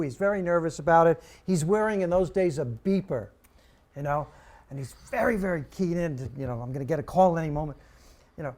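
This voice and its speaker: A man telling a backstage comedy-club anecdote in a casual, lively way on a podcast. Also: high-pitched. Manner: lively, sing-song storyteller. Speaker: comedy podcast guest or co-host.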